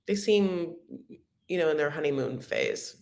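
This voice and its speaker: Low-voiced gossipy recap host woman. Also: expressive, measured pace, creaky, darkish tone. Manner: chatty and campy, calls viewers honey and my loves; rambling, full of likes and restarts. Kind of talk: gossipy live recap chat.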